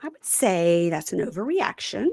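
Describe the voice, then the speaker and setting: Low-voiced woman guest, wry asides. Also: creaky, husky. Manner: wry, agreeable, quick deadpan asides. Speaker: podcast guest. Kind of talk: casual chat.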